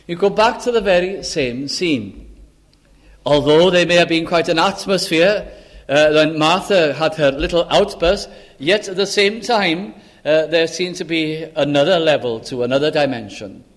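An older man preaching a sermon, earnest, lifting his voice for scripture and dropping low and soft to stress a point.

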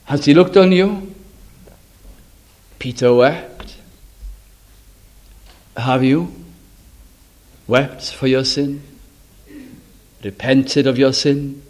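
A man preaching a revival sermon, swinging from loud exclaiming to hushed, solemn tones. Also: medium pitch, extremely slow, long pauses.

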